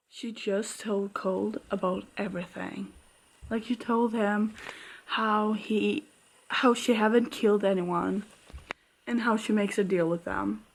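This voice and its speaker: A woman chatting casually in a reading vlog, gushing and reacting to a story, laughing often and sometimes dropping to a soft murmur. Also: mid-range voice. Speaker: book vlogger.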